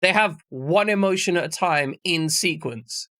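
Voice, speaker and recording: A man's voice: fairly high pitch, measured pace, pushed and bright, no echo, studio quality. A man streaming live, chatting casually with viewers in a rambling, jokey way and swearing freely.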